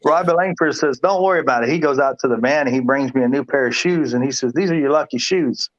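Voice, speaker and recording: A man's voice: mid-range voice, fast, no echo, lo-fi sound. A man, a guest pool player, telling a long story in casual chat, rambling and repeating himself with laughs.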